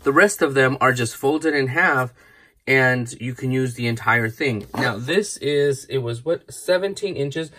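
A man's voice: mid-range voice, unhurried, sharp tone, slight background noise. A man hosting a casual craft tutorial, chatty and rambling, correcting himself as he demonstrates. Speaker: craft channel host.

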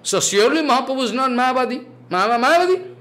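A man, his voice pitched high for a man, preaching a devotional sermon. He speaks in broken English and fires questions and rebukes at his listeners. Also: lively intonation, quick pace, sharp tone. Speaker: spiritual teacher.

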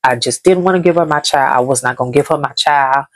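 A woman's voice: very deep voice, fast talker, no room sound. A woman from Dallas, telling a painful personal story on her vlog in a heavy, repetitive, grief-laden way. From Dallas, Texas. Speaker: vlogger. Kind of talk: emotional story time.

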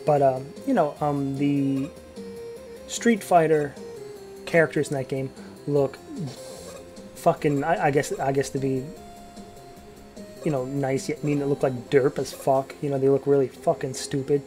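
A man's voice: mid-range voice, fairly even intonation, measured pace, long pauses, a little mellow, soft background music. A young man giving casual gameplay commentary, rambling and profane, full of fillers and restarts. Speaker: let's play commentator.

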